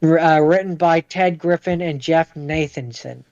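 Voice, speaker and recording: Man, casual podcast chat, hesitant, slightly higher voice, smooth tone. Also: unhurried, a little mellow, no echo, lo-fi sound. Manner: hesitant, many fillers and restarts. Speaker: podcast co-host.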